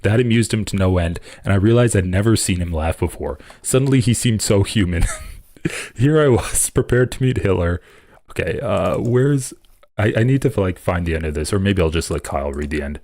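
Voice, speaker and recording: A man hosting a live political stream, reading an article aloud and breaking off into profane, animated reactions. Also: sits low, moderate pace, no room sound.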